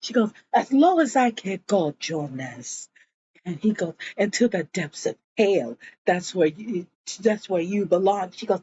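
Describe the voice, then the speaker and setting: A woman's voice: medium pitch, lively intonation, unhurried, a little mellow, husky, dull audio. A woman casually recapping a TV episode, gossiping, acting out the characters' lines and cursing along the way. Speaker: show recapper.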